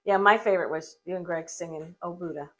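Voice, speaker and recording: A woman's voice: fairly low pitch, fast. Woman chiming in on a family podcast. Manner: chimes in with short remarks and teasing. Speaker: podcast co-host. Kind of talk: casual family chat.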